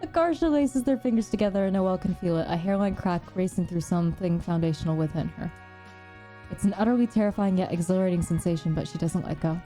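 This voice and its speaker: A woman's voice: fairly low pitch, fast, warm tone, faint music behind. Earnest, emotional woman reading a story aloud. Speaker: streamer reading a visual novel. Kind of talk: reading a visual novel aloud with reactions.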